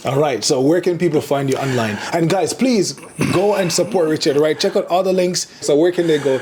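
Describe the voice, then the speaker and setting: High-voiced male interviewer. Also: fairly quick, darkish tone, slight background noise. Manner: brief supportive backchannels, friendly sign-off. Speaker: interviewer and channel host. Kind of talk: casual interview hosting.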